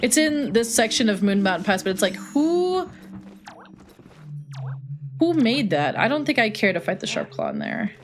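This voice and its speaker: A woman's voice: fairly high pitch, wildly swooping pitch, moderate pace, pauses often. A young woman streaming a retro game, chatting casually, joking and answering chat. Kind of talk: casual live-stream chat while playing.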